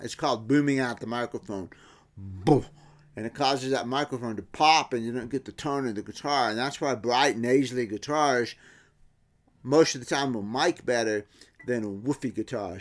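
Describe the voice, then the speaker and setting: A middle-aged man talks through guitar tap tones in a relaxed workshop manner. He imitates the sounds with his own voice and often backs up to restart a sentence. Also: medium pitch. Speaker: guitar builder. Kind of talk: casual workshop explanation.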